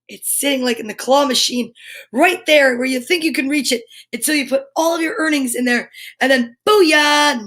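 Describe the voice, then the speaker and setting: A woman's voice: sits high, a bit bright. A middle-aged woman hosting a live kids' show, chatting with viewers in a bubbly, playful and silly way. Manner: chatty, addresses viewers directly. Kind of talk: live-stream chat with viewers' comments.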